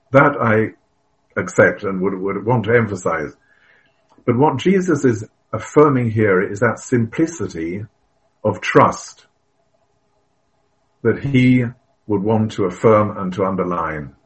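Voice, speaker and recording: An older man delivers a sermon in a fairly low voice. He speaks earnestly, stressing phrases as he goes. He tells stories with the occasional filler and a cleared throat. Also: poor audio. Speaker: preacher.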